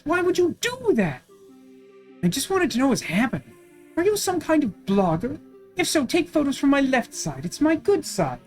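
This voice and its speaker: A woman's voice: high-pitched, voice pushed up. A woman voicing a vain, haughty ancient queen who has become a vengeful cyber ghost, declaiming grandly. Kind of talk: voicing game characters.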